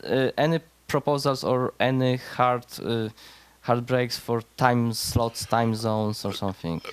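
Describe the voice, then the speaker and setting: A man's voice: medium pitch, steady tone, measured pace, clear, resonant tone. A man moderating a conference discussion, hesitant, with many fillers and frequent agreement. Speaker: session moderator. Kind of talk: casual discussion. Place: conference room session.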